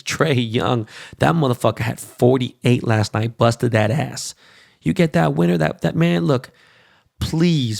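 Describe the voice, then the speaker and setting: A man with a gravelly, medium-pitched voice hosts a podcast, swearing his way through an animated basketball rant and pitching events. There's no room sound, just clean studio audio.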